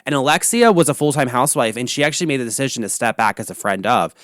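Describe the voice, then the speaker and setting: A man's voice: mid-range voice, expressive, quick pace, fairly bright tone, no echo, clean studio sound. A man hosting a podcast alone, ranting about reality TV in a casual, profane, rambling way full of fillers. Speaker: podcast host. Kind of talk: casual solo podcast rant. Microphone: podcast microphone.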